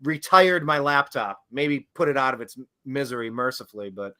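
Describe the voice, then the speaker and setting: A man's voice: mid-range voice, expressive, moderate pace, bright, forceful tone, smooth. A man co-hosting a political talk show, sarcastic and playful in his banter. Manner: playful, mock-serious, sarcastic. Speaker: co-host.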